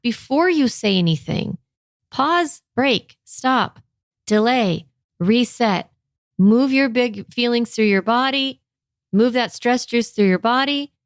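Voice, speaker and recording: A woman in her thirties coaching parents in a lively, energetic way, often acting out a parent's inner thoughts and checking in with "okay?". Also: a little high, dry recording, clean studio sound.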